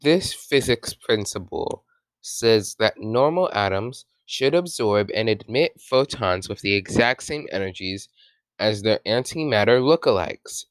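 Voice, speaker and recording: Slow, low-voiced man reading aloud. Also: lively intonation, dry recording. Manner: stumbles, rereads and corrects himself. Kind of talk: casual reading of a science article with commentary.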